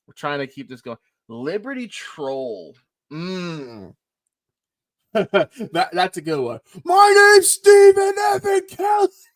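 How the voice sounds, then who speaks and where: Male streamer, rambling casual chat, lively delivery, dry room. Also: on the high side, no echo. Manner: rambling, chatty, laughs often. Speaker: live stream co-host.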